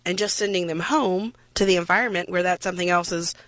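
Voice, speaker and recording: Passionate woman, bright dry voice. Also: fairly low pitch, steady tone, fast talker, dry recording. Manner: passionate, emphatic, self-deprecating asides. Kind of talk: casual radio discussion.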